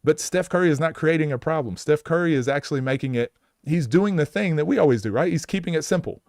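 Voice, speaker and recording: A man's voice: on the high side, fast talker, darkish tone, no room sound, clean studio sound. A man coaching basketball, giving blunt, exasperated live commentary and restarting his sentences often.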